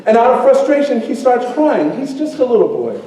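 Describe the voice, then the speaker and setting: Animated man storyteller in echoey hall. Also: very high voice, brisk, distant mic. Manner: animated, playful, draws in the audience. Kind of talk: live oral storytelling with call and response. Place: school auditorium with live audience.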